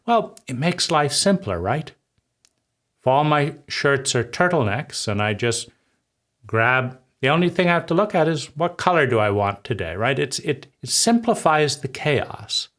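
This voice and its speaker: A man gives a reflective talk, posing questions to himself, answering them, and conversationally checking in with "right?" over and over. His mid-range voice is expressive, a bit bright, and moves at normal speed.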